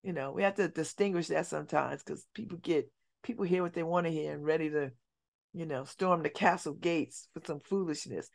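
Woman on community radio talking it up, middle-aged, gets animated then goes low n soft. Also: fairly quick, gravelly. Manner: animated storytelling, drops voice low and soft for emphasis. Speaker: radio show host. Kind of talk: casual talk radio monologue. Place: radio studio.

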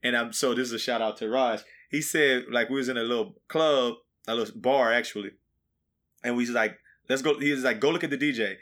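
Bright-voiced man in loose podcast chat. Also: medium pitch, brisk. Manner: loose, storytelling, slangy. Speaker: podcast co-host. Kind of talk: casual chat.

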